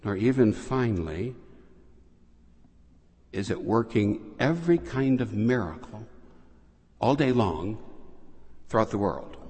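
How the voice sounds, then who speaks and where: A man preaching a sermon, telling the story slowly and deliberately with long pauses. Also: on the low side, expressive, darkish tone. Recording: long hall reverb.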